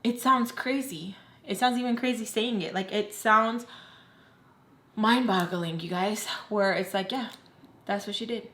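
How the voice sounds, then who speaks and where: A woman's voice: mid-range voice, unhurried, fairly bright tone. A young adult woman vlogger telling a personal story in a candid, emotional way, with lots of "like". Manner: candid, heavy use of "like". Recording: roomy echo.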